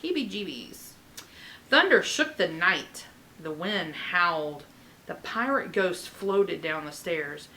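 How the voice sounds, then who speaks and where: A woman reading a children's chapter book aloud with expressive delivery and chatty asides. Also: lowish voice, slow, a little hiss or hum, rough recording. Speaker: reader.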